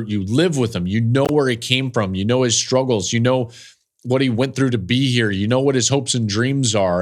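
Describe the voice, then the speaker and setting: A middle-aged man hosting a football podcast, telling an emotional story in an earnest way that builds in intensity. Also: mid-range voice. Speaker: college football analyst and podcast host.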